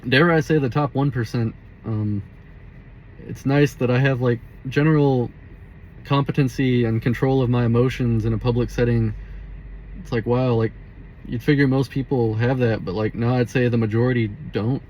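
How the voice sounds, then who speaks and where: A man's voice: mid-range voice, steady tone, moderate pace, a little mellow, a little hiss or hum, rough recording. Rambling, foul-mouthed young man in a car. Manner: rambling, profane, heavy use of "like". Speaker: vlogger. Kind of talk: casual storytelling monologue. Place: inside a car.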